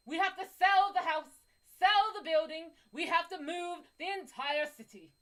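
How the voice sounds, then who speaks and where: A woman's voice: very high-pitched, moderate pace. A woman hosting a live psychic reading, talking casually, swearing freely and laughing between stories. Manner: animated, profane, laughing. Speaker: psychic reader, live stream host.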